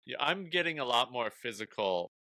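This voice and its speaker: A man hosting a casual podcast, animated and thinking aloud as he goes. His voice is bright and forward. The recording is dry and close with no room sound. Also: mid-range voice, moderate pace, no echo. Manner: animated, talks through his thoughts out loud. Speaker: podcast host, comedian.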